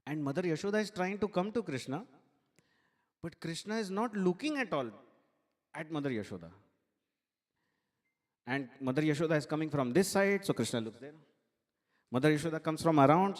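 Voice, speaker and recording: Man, temple sermon, animated storytelling, slightly high voice, long hall reverb. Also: brisk, long pauses. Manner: animated storytelling, laughs at his own story. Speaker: temple speaker.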